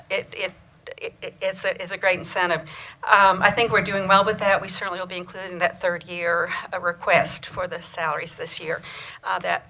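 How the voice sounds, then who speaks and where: A woman giving a library report to a county board, grateful in tone and halting, with many fillers and restarts. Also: on the low side, pushed and bright, rough recording. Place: county board meeting room.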